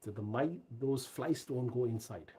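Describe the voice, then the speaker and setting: Man, husky voice, mid pitch, pharmacist, casual live Q&A, emphatic storyteller. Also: normal speed, dark tone. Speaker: pharmacist giving career advice.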